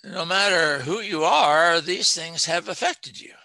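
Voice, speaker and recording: Preacher guy w a gravelly bright voice, drawn-out emphatic scripture reading, really dry sound. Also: on the high side, dry recording. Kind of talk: sermon.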